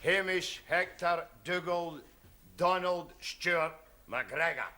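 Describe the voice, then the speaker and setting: A man's voice: on the high side, slow. An actor playing a cheeky young Scottish man with a thick dialect in a 1970s studio sitcom, with a strong Scottish accent. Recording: noisy old TV soundtrack.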